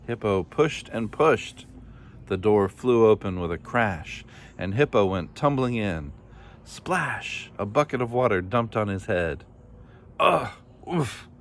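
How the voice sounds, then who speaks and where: Unhurried and with lively intonation, a man with a low voice reads a children's story in a plain, steady way. There's a faint hiss under his voice.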